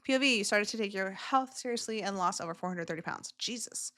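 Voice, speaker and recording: Bright-voiced gushing woman reacting. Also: mid-range voice, fast. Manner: gushing and emotional, lots of filler words. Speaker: reaction video host. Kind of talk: casual reaction commentary.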